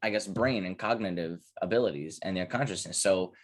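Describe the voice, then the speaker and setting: Casual podcast co-host, young adult man, low voice, rambling and profane. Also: fairly quick. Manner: rambling, profane, animated storytelling. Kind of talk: casual chat.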